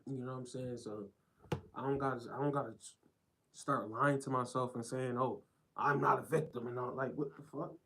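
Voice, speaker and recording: A man's voice: medium pitch, steady tone, moderate pace, bright, forceful tone, poor audio. Blunt rambling male streamer. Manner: blunt, rambling, repeats himself. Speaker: live streamer. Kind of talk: reacting to clips on a live stream.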